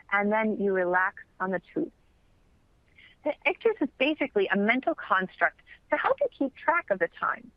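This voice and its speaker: Woman explaining chant conducting in a webinar, patient and clear, bouncy pitch, slightly muffled lo-fi sound. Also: no echo. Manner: clear, patient explaining, sings brief examples. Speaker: chant instructor. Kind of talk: instructional webinar.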